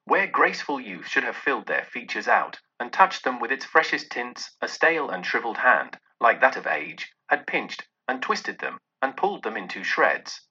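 A man narrating a classic tale in a theatrical, expressive way, his voice husky but bright and piercing. His pitch swings widely, and the recording sounds dull and lo-fi. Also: moderate pace, hardly any pauses. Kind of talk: dramatic storybook narration.

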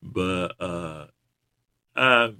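A man chatting casually in loose grammar, rambling and laughing often as he tells animated stories. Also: low voice, very slow, smooth. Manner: animated storyteller. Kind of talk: casual chat watching wrestling.

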